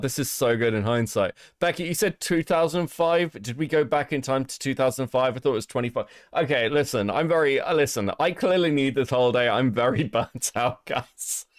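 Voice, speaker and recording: A man's voice: medium pitch, dry recording, clean studio sound. Laughing, swearing British man streaming. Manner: laughing, swearing, rambling asides. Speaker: stream host. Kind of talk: casual live-stream commentary.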